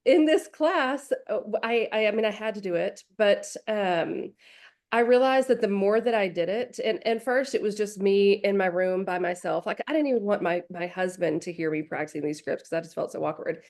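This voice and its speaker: A woman's voice: mid-range voice, moderate pace, a little mellow. A woman co-hosting a real estate coaching podcast, talking in a candid, self-deprecating way. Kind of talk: casual podcast discussion.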